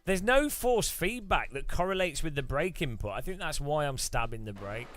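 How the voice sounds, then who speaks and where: A man's voice: a little high, lively intonation, moderate pace, a bit bright, soft background music. A man chatting casually about sim racing as he plays, rambling with chuckles and restarts. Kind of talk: casual gaming chat.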